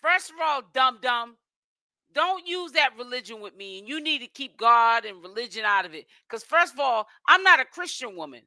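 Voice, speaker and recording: A woman's voice: fairly high pitch, big pitch swings, moderate pace, sharp tone, no echo. A woman giving casual commentary in a sassy, mocking way. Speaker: commentary streamer.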